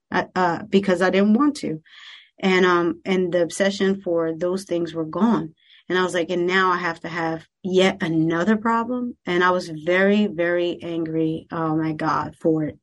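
Candid, halting woman sharing her testimony. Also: fairly low pitch, fairly even intonation. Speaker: recovery meeting speaker. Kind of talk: personal testimony.

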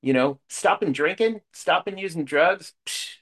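A man's voice: on the high side, a little slow, a bit bright, breathy edge. A middle-aged man speaks frankly at a support meeting in a conversational way, full of fillers and asides. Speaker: speaker sharing at a recovery meeting. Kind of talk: personal share at a support meeting.

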